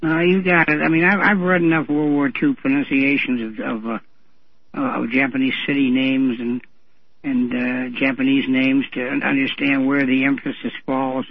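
A man on a radio talk show, telling anecdotes in a relaxed, chatty way. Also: medium pitch, normal speed, dry recording. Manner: chatty storyteller, acting out the voices of people he quotes. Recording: dry, dull radio audio.

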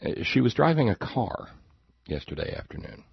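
A man's voice: lowish voice, big pitch swings, normal speed, gravelly, husky, no room sound, muffled recording. A man hosting a talk show, giving a sarcastic, rambling political monologue and repeating words as he goes.

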